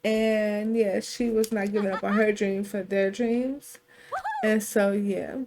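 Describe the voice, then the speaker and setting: A woman's voice: mid-range voice, steady tone, takes it slowly, background noise. A woman narrating a life-sim game in casual chat, voicing the characters' lines herself. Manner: chatty, voices sim dialogue in quotes. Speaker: gameplay narrator. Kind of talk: casual let's-play storytelling.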